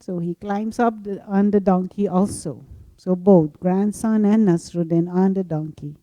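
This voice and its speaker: A woman meditation teacher telling a story in a gentle spiritual talk, laughing softly now and then. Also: fairly low pitch, no room sound, highs cut off. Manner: slow, gentle storytelling with frequent soft laughs.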